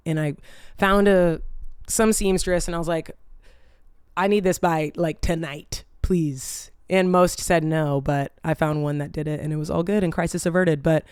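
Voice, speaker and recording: Woman, vlog host, casual storytelling, chatty and animated, smooth clear voice, dry close sound. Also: lowish voice, dry recording. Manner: animated, chatty, swears freely, fills with "like".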